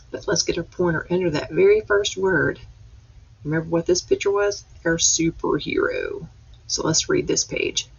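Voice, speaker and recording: Slow, gravelly-voiced woman reading to kids. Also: lowish voice, highs cut off. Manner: slow, patient, drawn-out word-by-word reading. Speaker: teacher. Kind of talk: reading lesson for young children.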